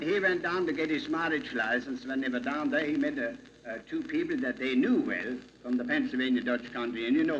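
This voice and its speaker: A man's voice: on the high side, bright, forceful tone, pitched below the performer's own voice. A man playing a rambling old Pennsylvania Dutch professor who tells jokes in dialect, on a dull, hissy old recording. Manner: folksy, rambling joke-telling in dialect. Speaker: comic monologue character. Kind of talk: vintage comedy routine.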